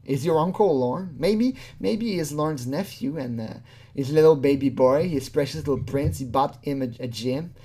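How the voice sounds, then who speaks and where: A host talking casually into a home desk mic, reacting to a clip with scorn and swearing. The voice sits at a middle pitch and keeps jumping up into a high, whiny voice for mocking impressions. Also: normal speed, dark tone, husky. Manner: mocking, profane, mimics others in a high whiny voice. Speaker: commentary channel host.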